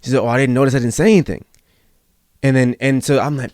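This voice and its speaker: A man's voice: mid-range voice, steady tone, rapid-fire, a little mellow, dry recording, studio quality. A young man hosting a podcast in casual chat, earnest and rambling as he tells a personal story. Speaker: podcast host.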